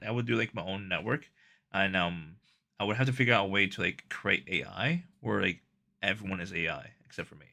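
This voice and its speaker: Gravelly, bright-voiced streamer man. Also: low-pitched, fairly quick. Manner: rambling and self-conscious, with many fillers and restarts. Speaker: livestreamer. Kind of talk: casual live stream chat.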